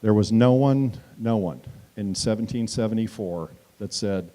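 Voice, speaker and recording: Male town hall speaker, low mellow voice, storytelling that swells into loud emphatic lines. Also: moderate pace. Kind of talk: political stump speech. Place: community meeting hall.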